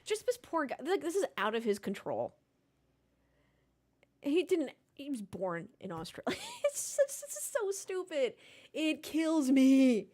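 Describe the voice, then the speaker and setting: A woman's voice: high-pitched, measured pace. A woman co-hosting a podcast in casual chat, blunt and swearing freely. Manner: blunt, profane and animated. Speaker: podcast co-host.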